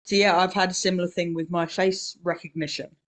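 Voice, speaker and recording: A woman, co-hosting a podcast in casual conversation, rambling through a story with many fillers and quick laughs. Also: fairly low pitch, flat delivery. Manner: quick laughs between remarks. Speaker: podcast co-host.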